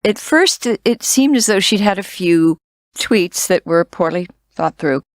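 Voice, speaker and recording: A woman with a mid-range voice co-hosting a podcast in casual chat. She jokes quickly and turns emphatic when she is indignant. The studio sound is dry and close. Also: medium pitch, expressive, dry recording. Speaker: podcast co-host. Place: recording studio.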